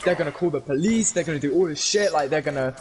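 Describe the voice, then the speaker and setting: A young man, excitedly telling a story to friends in a casual, swearing, rambling way. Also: a little high, fast talker, music in the background. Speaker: gaming channel host. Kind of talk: animated storytelling chat.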